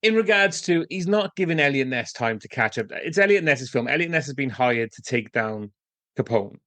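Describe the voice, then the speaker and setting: A man's voice: mid-range voice, animated, normal speed, sharp tone, no echo. A man co-hosting a casual film podcast, speaking in an easygoing, meandering way with frequent chuckles. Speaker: podcast co-host.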